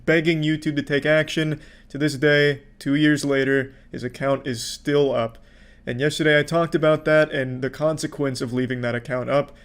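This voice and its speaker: A man giving casual online commentary in a deadpan, flat way, blunt and crude. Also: medium pitch. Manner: deadpan, flat-affect delivery.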